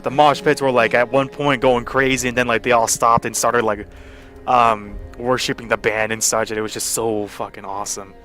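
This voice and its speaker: A young man tells a loose, rambling story while he plays a game, filling every pause with casual fillers and swearing freely. His voice sits in an ordinary middle pitch. Soft game music plays faintly underneath. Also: little pitch movement. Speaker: gaming channel host. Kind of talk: casual storytelling over gameplay.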